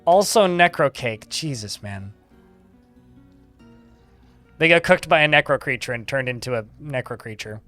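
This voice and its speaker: Animated chatty man streaming a game. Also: mid-range voice, moderate pace, long pauses, soft background music. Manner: chatty, reads game text aloud, swears casually. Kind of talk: live gameplay commentary.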